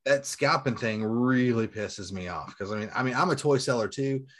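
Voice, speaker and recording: Speaking at normal speed with a medium-pitched voice, this forties-aged toy collector and seller chats casually, spinning animated, profane, rambling stories. Slight background noise can be heard.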